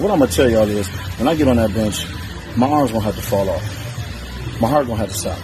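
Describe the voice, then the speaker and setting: A man's voice: fairly low pitch, a little fast. A man delivering a profane, boastful, defiant trash-talk rant straight to the camera. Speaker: challenger in a strength feud. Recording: music playing under the voice.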